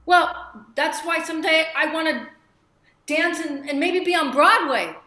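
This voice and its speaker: A woman's voice: very high voice, unhurried, bright, forceful tone. A woman, an improv performer, joking around in casual, giggly banter after a show. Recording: echoey room.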